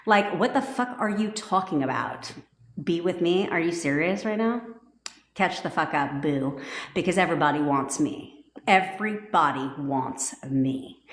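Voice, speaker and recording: A woman manifestation coach giving a blunt, profanity-laced pep talk on a live stream. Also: lowish voice. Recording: echoey room.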